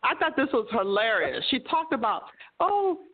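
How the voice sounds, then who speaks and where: A middle-aged American woman, a guest on an interview show, chatting in an animated way, laughing often and acting out the voices in her stories. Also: on the high side, moderate pace, slightly rough. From United States. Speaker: guest, co-host of a cooking show. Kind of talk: casual interview chat. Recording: tinny phone-like line.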